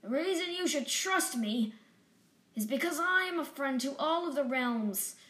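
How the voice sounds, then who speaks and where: A woman voicing a determined female cat leader who speaks in a resolute, measured way. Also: high voice, animated, a bit bright, reverberant, pitched above the performer's own voice.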